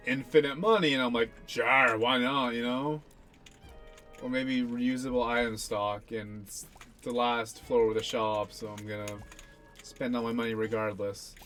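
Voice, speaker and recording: Young guy chatting over his game run, rambly, self-mocking, swears a bit, faint game music behind. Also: mid-range voice. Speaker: gaming channel host. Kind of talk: casual gameplay commentary.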